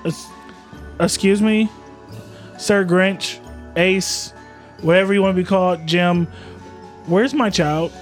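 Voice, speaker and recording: A man playing a tabletop game, breaking in with halting, hesitant remarks. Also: sits high, soft background music. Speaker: player. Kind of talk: casual tabletop game banter.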